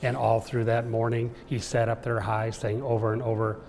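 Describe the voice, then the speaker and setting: A man reading a rhyming children's book aloud with a lively, rhythmic delivery. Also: mid-range voice, normal speed, faint music behind. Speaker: storyteller. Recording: echoey room with long reverb.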